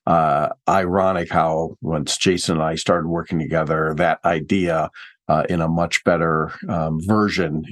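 A man with a very deep voice co-hosts a podcast, telling his recollections in an easy, relaxed manner. His talk is plain and conversational. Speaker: podcast co-host.

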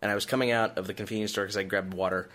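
A man's voice: lowish voice, fairly even intonation, rapid-fire, fairly bright tone. A man hosting a casual gaming podcast, joking and teasing his co-hosts. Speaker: podcast host. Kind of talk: casual chat.

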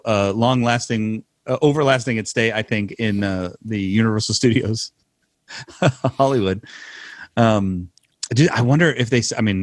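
A man's voice: fairly low pitch, no room sound, clean studio sound. Laid-back man in casual banter. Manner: laughs often, loose opinionated banter with swearing. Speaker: podcast co-host. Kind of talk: casual chat.

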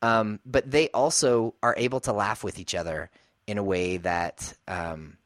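Low-voiced man musing on a podcast. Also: steady tone, a little slow, no echo. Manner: thoughtful, searching for words, laughs often. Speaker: podcast co-host. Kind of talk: casual chat.

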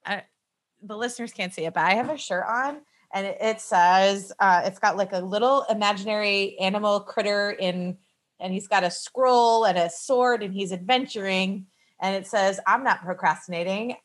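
A woman's voice: medium pitch, normal speed, no room sound. A woman hosting a podcast in a chatty, casual way, laughing often as she talks. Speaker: podcast host. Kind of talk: casual chat.

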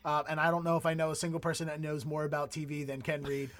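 A man's voice: fairly high pitch, monotone, quick pace, fairly bright tone, slight background noise. A man hosting a casual vocabulary segment, chatty and rambling with fillers. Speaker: podcast host. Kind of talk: casual comedic chat.

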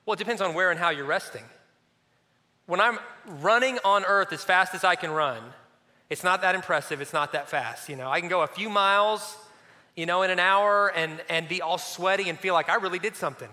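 A man preaching a sermon as a pastor, animated and storytelling, who drops at times to a soft, near-hushed voice. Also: sits high, fairly quick, in a large hall.

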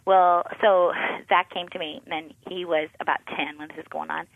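A woman, a pastor's wife and author, telling lively family stories as a radio guest and acting out the dialogue. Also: fairly low pitch, normal speed, vocal fry, no echo. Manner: lively anecdotes, acts out quoted dialogue. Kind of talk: animated personal storytelling in a radio interview. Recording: phone-like narrow sound.

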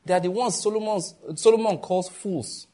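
A man with a Nigerian accent preaching a sermon as a pastor, telling stories and acting out the people in them. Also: normal speed. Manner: animated storytelling, voicing others in a raised pitch.

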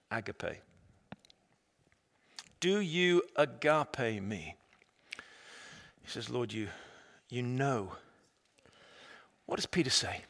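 A man preaching a sermon, retelling a story dramatically and swinging between loud, emphatic lines and hushed, quiet ones. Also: mid-range voice, gravelly. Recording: long reverb of a large hall.

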